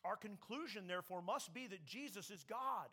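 A man's voice: high-pitched, animated, moderate pace, pushed and bright, slightly rough. A man preaching a sermon, emphatic, raising his voice when he quotes scripture. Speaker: pastor.

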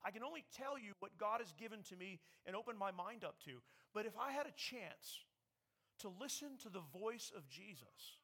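Guy preaching in church, fairly high voice, chatty but earnest, drags words out for emphasis then gets loud. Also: husky. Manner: earnest, conversational, with dramatic slowdowns and sudden loud emphasis. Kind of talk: sermon. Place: church sanctuary.

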